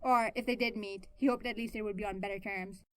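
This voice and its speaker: A woman reading her own fan fiction aloud, in an expressive way that swings between soft and loud. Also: mid-range voice, brisk, noisy background. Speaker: fan fiction writer and narrator.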